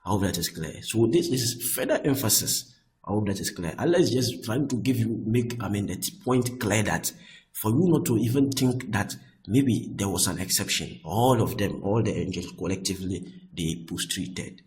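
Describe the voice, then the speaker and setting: A man teaching Arabic grammar, often repeating himself and checking with "I hope that is clear.". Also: on the low side, expressive, moderate pace, darkish tone, rough recording. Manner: restarts and repeats words often. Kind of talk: explaining Arabic grammar on screen.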